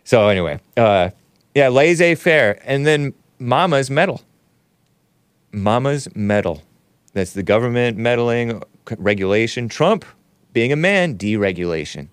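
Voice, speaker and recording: A male talk show host riffing casually on a livestream, reading chat comments, laughing often and jumping up in pitch when mock-surprised. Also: lively intonation, measured pace, clear, resonant tone, no room sound.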